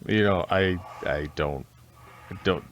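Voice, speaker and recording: A man's voice: low-pitched, slow, lo-fi sound, faint music behind. A man co-hosting a podcast, chatting casually with a lot of swearing, frequent laughter and trailing restarts. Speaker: podcast co-host.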